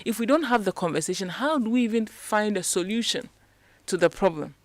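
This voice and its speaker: A woman's voice: mid-range voice, lively intonation, a little fast, no room sound. A woman, a guest strategist on a radio interview, explaining ideas in a teaching way and posing rhetorical questions. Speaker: leadership and communication strategist, guest. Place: radio studio.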